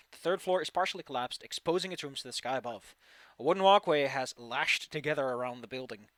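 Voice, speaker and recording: A man's voice: on the high side, a bit bright, no echo. A man running an online tabletop game as game master, loose and rambling, often restarting and swearing casually.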